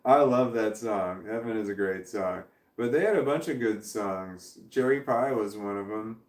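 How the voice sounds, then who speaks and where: A man's voice: lowish voice, normal speed. Rambling man with a roomy echo. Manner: rambling, reads viewer comments aloud and chuckles. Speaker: livestream host. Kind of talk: casual livestream chat.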